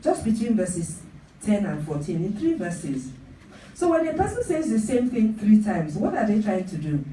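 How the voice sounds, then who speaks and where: A woman's voice: medium pitch, sing-song, normal speed, warm tone, a little hiss or hum. Emphatic woman preaching in an echoey church. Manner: emphatic, repeats phrases for emphasis. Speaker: pastor. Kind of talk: sermon. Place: church hall. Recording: echoey hall, picked up from a distance.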